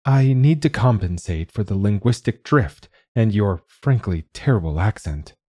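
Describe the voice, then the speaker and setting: A man voicing an ancient, weary machine curator who speaks calmly and politely in an audiobook story. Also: on the low side, no room sound, studio quality. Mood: resigned. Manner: calm, polite, measured. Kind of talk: audiobook reading.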